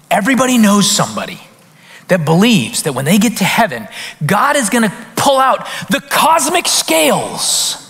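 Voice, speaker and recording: A man preaching a conversational sermon as pastor, with lively rhetorical questions and frequent restarts. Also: sits high. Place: church sanctuary. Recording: hall reverb in a church.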